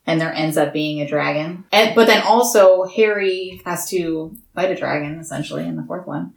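A woman co-hosting a book podcast who speaks in a plain, matter-of-fact way. Her voice is slightly low. It is recorded in an echoey room. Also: moderate pace, gravelly, hardly any pauses. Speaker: podcast co-host. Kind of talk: casual book discussion.

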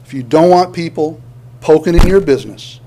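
A man's voice: a little high, expressive, normal speed, warm tone, slight background noise. A male pastor preaching a sermon, earnest, often restarting words and building to emphatic points.

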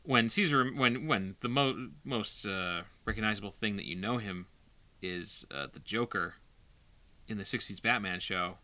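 A man's voice: on the low side, measured pace, sharp tone. A man co-hosting a podcast in casual chat, talking hesitantly with many "like"s and restarts. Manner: hesitant, lots of fillers and restarts. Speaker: podcast co-host.

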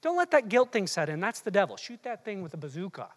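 A preacher delivering an animated, teasing sermon that swings between quiet asides and shouted bursts, recorded in a large hall. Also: mid-range voice, fast talker. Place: large hall with long reverb. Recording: long hall reverb.

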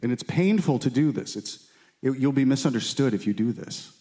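A man's voice: expressive, normal speed, warm tone. Earnest man preaching in a casual way. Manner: earnest, informal, asks the room "right?" and "okay?"; acts out quotes with lifted, pleading pitch. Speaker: pastor teaching a Bible study. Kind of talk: conversational sermon.

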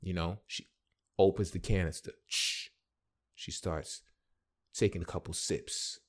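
A man hosting a podcast and telling a comedic story in an animated, slangy way, often breaking into silly sound effects. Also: sits low, normal speed. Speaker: podcast host.

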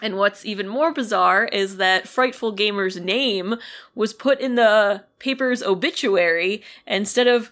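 A woman's voice: mid-range voice, a little slow, a bit bright. Chatty woman podcast co-host. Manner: chatty, filler-heavy with many "like"s. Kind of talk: casual chat, retelling a listener's story.

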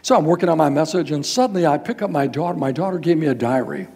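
An older man, a guest pastor, telling a story in a sermon in a folksy, animated way, acting out the people in it. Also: on the high side, quick pace, husky. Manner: animated, folksy, quotes people in raised voices.

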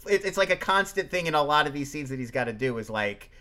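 A chatty man on a film podcast with a notably high, bright voice. He rambles through his points with plenty of fillers and drops into little acted quotes. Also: lively intonation, quick pace. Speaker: podcast co-host. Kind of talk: casual film discussion.

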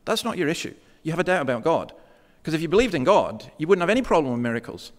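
A man preaching a sermon in a church, talking conversationally and slowing down to stress key words. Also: on the high side, sing-song, big-room sound. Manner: conversational preaching, slows for emphasis.

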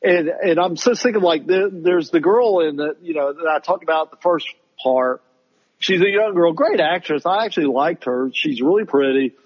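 A man co-hosting a podcast, ranting in casual chat about a show he disliked and mocking it in a high voice. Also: expressive, moderate pace, breathy edge, highs cut off. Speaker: podcast co-host reviewing shows.

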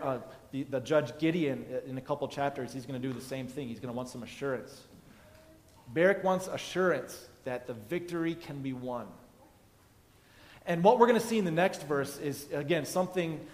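A male pastor delivers a conversational sermon, acting out the dialogue of biblical characters as he explains the passage. His voice is mid-range, and the audio has a big-room sound.

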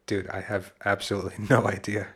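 Brief: low-voiced, laid-back male co-host, hesitant and profane. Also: little pitch movement, a little fast, fairly bright tone, slightly rough. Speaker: podcast co-host. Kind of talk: casual chat.

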